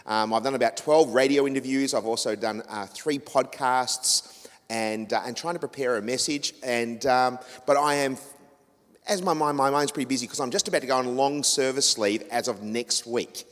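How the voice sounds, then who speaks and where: A man's voice: mid-range voice, moderate pace. A man with an Australian accent, a radio host giving a chatty, rambling talk to a church audience with many fillers and restarts. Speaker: radio host and guest speaker. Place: church hall. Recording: reverberant church hall.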